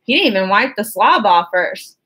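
A woman's voice: medium pitch, sing-song, normal speed, bright, forceful tone, breathy edge. A woman narrating an audiobook in the first person, with a wry, conversational storytelling manner.

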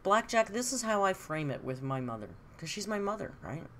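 A woman's voice: medium pitch, big pitch swings, a little fast, slight background noise. A middle-aged woman hosting a live stream, chatting candidly and answering comments from her viewers. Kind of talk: casual live-stream chat.

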